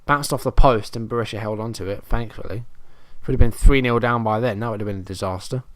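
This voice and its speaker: A man doing casual let's-play commentary over a football management game, at a middling pitch. He mutters his way through the play-by-play and keeps sounding exasperated and self-deprecating about how badly his team is doing. The recording is close and dry, with no room sound. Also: quick pace, fairly bright tone, no room sound. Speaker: gaming commentator.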